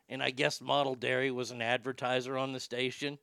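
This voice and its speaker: A man telling stories in a casual livestream as a former radio host, animated, swearing freely and reading out viewer comments. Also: mid-range voice, brisk, gravelly, hardly any pauses, clean tone, dry recording, clean studio sound.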